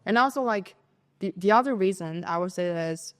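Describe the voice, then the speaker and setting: A woman from China with a Chinese accent, a podcast co-host telling a school story in casual chat, animated and lively as she acts out her classmates' voices. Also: mid-range voice, normal speed.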